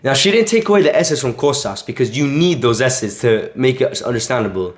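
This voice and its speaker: A man's voice: medium pitch, animated, fairly quick. A young man teaching casually in a vlog, rambling with lots of filler words. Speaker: language coach. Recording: echoey room.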